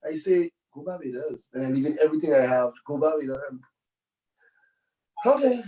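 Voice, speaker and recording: A man's voice: on the high side, big pitch swings, fairly quick, mellow, far from the mic, poor audio. A man, a musician guest, telling rambling stories in a casual interview, full of tag phrases.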